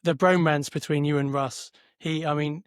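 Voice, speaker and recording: A man's voice: a little high, steady tone, moderate pace, clean tone, no echo, studio quality. A man hosting a podcast in a friendly, affirming way, with some hesitant fillers. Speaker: podcast host. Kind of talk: casual interview chat.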